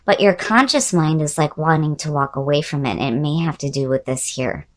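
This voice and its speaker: A woman giving a casual tarot reading who is losing her voice and sounds hoarse. She muses aloud, repeats key words and speaks straight to the viewer. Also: deep voice, a little fast. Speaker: tarot reader.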